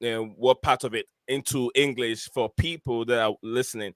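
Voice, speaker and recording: A man hosting a live football review stream, talking in an excited, rambling way with many fillers. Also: mid-range voice, moderate pace, dry recording. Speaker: host.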